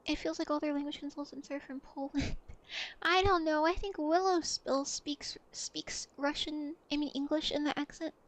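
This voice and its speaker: High-voiced playful woman streamer. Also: fairly even intonation, normal speed. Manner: playful, chatty, reads and answers chat. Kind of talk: casual livestream chat.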